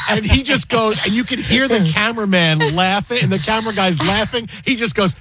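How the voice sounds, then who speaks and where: A man hosting a casual on-air chat, telling a lively anecdote. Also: high voice, normal speed, very noisy. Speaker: host.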